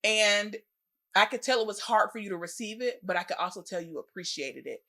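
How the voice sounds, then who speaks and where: A young adult woman, co-hosting a podcast in casual chat and acting out stories with lively quoted voices and laughter. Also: medium pitch, fairly quick. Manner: animated storyteller, acts out quoted voices with laughter. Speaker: podcast co-host.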